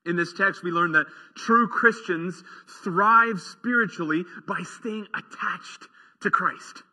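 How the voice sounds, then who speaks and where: A man delivers a sermon slowly and deliberately, his voice high and bright with a slightly husky edge. His phrases often fade softly at their ends. The sound rings with a long reverb, as in a church sanctuary. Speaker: pastor.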